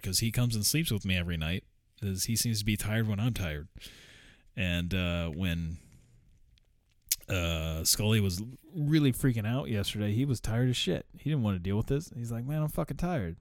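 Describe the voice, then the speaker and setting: Low-voiced man rambling profanely. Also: no room sound, studio quality. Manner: rambling, profane, chuckles often. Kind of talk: casual vlog chat.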